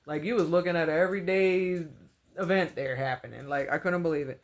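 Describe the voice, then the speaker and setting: A woman with a fairly low, brisk voice casually retells a dream like a vlogger, rambling earnestly and religiously. Her storytelling is packed with fillers such as "like" and "you know," and she keeps repeating phrases.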